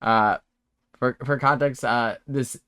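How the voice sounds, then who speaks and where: A man's voice: mid-range voice, steady tone, takes it slowly, sharp tone, dry recording. A man narrating as game master of a tabletop game, in a laid-back, rambling way with frequent self-corrections.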